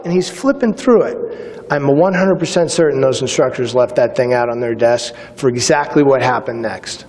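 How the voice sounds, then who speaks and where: Middle-aged male keynote speaker, animated storyteller who acts out the dialogue, reverberant hall. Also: mid-range voice, normal speed. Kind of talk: motivational speech with stories.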